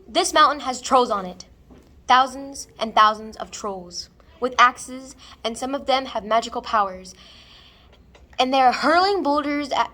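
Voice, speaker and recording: A woman's voice: high voice, pushed and bright. A young woman acting an over-the-top motivational speaker in a stage monologue, preachy and earnest. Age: young adult. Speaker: student actor.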